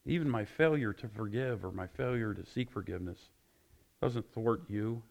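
A male pastor preaching with passion, closing his sermon in prayer and getting louder and higher when excited. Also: moderate pace, gravelly. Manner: passionate, rising loud and high when excited.

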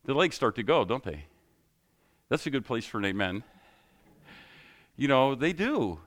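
A man's voice: medium pitch, big pitch swings, a little slow, a bit bright. A middle-aged man, a pastor, giving a sermon in a conversational, joking style full of rhetorical questions.

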